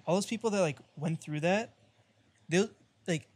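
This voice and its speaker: A man's voice: sits high, normal speed, darkish tone, husky. A young man co-hosting a casual podcast chat, laid-back and full of "dude" and "like". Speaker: podcast co-host.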